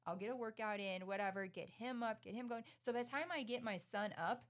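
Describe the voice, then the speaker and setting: A middle-aged woman co-hosting a casual podcast chat, bubbly and quick to laugh, acting out her mornings with her son. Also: a little high. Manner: bubbly, laughs often, animated retellings. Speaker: podcast co-host.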